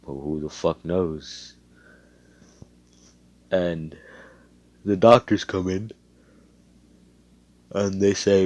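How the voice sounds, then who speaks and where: A man's voice: deep voice, drawn-out words, pauses often, a little mellow, highs cut off. A young man casually narrating a fan story in a rambling, slangy way, with swearing.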